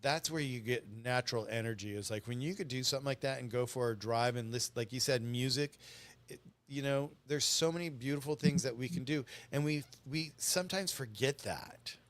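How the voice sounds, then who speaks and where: A man's voice: medium pitch, a little fast, a bit bright. A middle-aged man chatting as a guest, telling stories in an earnest, rambling way. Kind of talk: casual storytelling chat.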